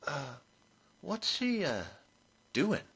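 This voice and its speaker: A man voicing a blunt, gossipy village woman who is quick to alarm. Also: on the high side, sing-song, a bit bright, husky, exaggerated voice.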